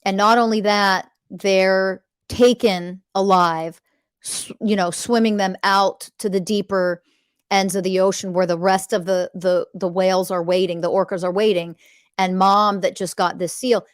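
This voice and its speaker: A woman at a mid pitch hosts her coaching podcast in a blunt, impassioned monologue. She swears freely and presses her listeners hard. The sound is dry and close, with no room around it. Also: fairly even intonation, a little slow, clear, resonant tone, no room sound. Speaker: podcast host and spiritual coach.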